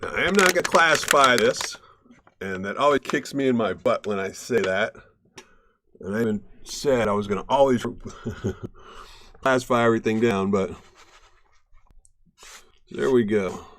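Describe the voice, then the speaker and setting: A man's voice: medium pitch, animated, unhurried, long pauses, a bit bright, slight background noise. A young man hosting a live stream, chatting casually with viewers and laughing often as he pans gold. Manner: laid-back, chatty, laughs often, talks to viewers and his cat. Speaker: gold prospecting livestream host. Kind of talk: casual live-stream chat while panning.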